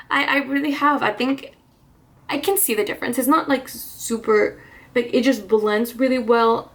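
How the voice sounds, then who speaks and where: A woman's voice: on the high side, gravelly. Chatty woman, slightly breathless. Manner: chatty, rambling, frequent restarts and little laughs. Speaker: beauty vlogger. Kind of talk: casual get-ready-with-me chat.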